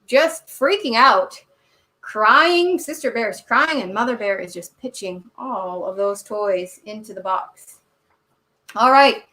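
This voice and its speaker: Woman kids-yoga teacher, cheerful and encouraging, higher bright voice, echoey room, camera mic. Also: distant mic. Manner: encouraging, cheerful, speaks to children. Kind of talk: storytime reading with yoga instruction.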